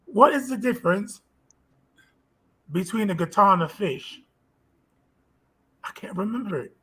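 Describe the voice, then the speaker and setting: A man's voice: sits high, expressive, measured pace, pushed and bright, husky, poor audio. A man on a casual chat panel, fumbling and forgetful, trailing off as he laughs. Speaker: panel member.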